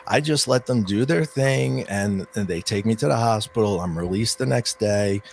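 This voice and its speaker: A man telling an interviewer the story of his own near-death experience in earnest, halting speech with many fillers and restarts. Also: lowish voice, gravelly, a little hiss or hum.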